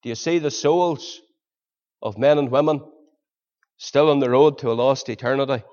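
Earnest preacher, lo-fi. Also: male voice, medium pitch, normal speed, darkish tone. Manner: earnest, pleading rhetorical questions. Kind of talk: sermon. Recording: dull lo-fi sermon recording.

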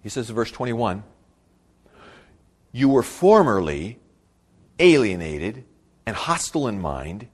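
A man preaching a sermon. He swings from loud, emphatic bursts to quiet asides and repeats his key phrases for weight. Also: mid-range voice. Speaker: pastor.

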